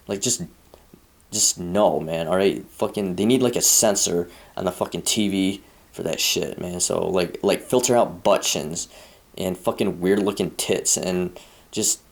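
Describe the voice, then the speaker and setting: A young American man ranting in a crude, profane, rambling vlog monologue. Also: low-pitched. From United States. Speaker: vlogger. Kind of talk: casual rant.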